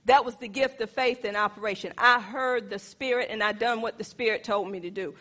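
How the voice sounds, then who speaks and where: A woman preacher with a high, bright voice, telling her testimony in an emphatic, animated way. She speaks straight to her congregation. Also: a little fast. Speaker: pastor. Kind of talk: sermon testimony.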